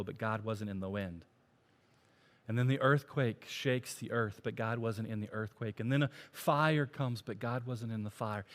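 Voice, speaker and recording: A male pastor giving a sermon, climbing to emphatic peaks and dropping to near whispers. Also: lowish voice.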